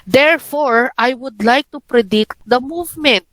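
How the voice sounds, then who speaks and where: A woman's voice: high-pitched, normal speed, fairly bright tone, dry recording, poor audio. A young adult woman with a Filipino accent, a university professor lecturing and often checking in with "okay?". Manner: frequent checking "okay?" with students. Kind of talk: lecture mixing English and Filipino.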